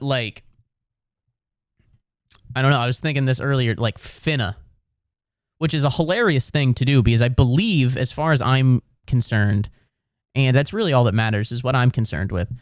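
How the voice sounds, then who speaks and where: Ohio guy, solo comic podcast rant, rambling and profane, smooth voice, dry close mic. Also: medium pitch, no room sound. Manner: rambling, profane, full of restarts. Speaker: podcast host.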